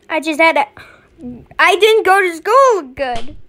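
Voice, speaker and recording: A woman giving let's play commentary, excitable and quick to panic. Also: very high voice. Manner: excitable, panicky, yelling in fright. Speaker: gameplay commentator.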